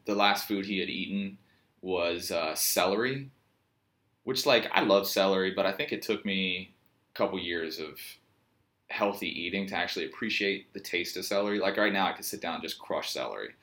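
A man with a Virginian accent and a very low voice talks straight to his viewers in a loose, meandering monologue. He drifts between stories and deadpan jokes, poking fun at himself along the way. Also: moderate pace. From Virginia, USA. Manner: joking, meandering, self-mocking storyteller. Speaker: yoga teacher and vlogger. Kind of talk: rambling casual monologue.

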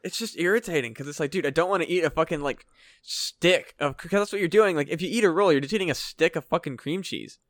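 A man with a slightly raised pitch rants loosely on his own podcast, swearing as he goes. He sits close to the mic in a dry, dead room. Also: fast talker, no echo. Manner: profane, ranting, animated. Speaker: podcast co-host. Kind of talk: casual podcast chat.

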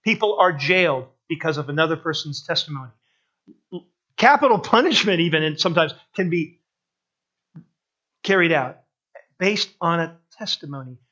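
A preacher with a high, bright voice delivers a sermon, building emphatic runs of phrases and then dropping low to land the point. The sound is a little dull, like a muffled sermon recording. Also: male voice, animated, normal speed, long pauses.

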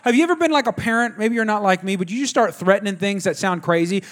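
A man's voice: high voice, fast, hardly any pauses. A man, preaching a sermon in a conversational way, telling family stories and talking to the congregation directly. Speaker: pastor.

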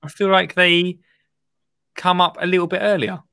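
Chatty podcast guy, bright voice, rambles and laughs a lot. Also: high voice, little pitch movement, moderate pace, gravelly, smooth. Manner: rambling, laughs easily, chummy. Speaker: podcast host. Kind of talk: casual chat.

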